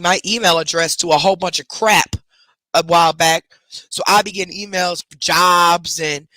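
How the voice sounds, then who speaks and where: A woman's voice: fairly low pitch, sharp tone, no room sound. A woman hosting a casual livestream from her bedroom at home, chatting with viewers while scolding and coaxing her pets. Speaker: livestream host.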